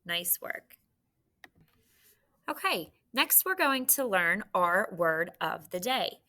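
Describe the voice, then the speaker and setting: A woman teaching a recorded phonics lesson to children, encouraging and clearly sounding out syllables. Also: fairly low pitch, very animated, takes it slowly, sharp tone.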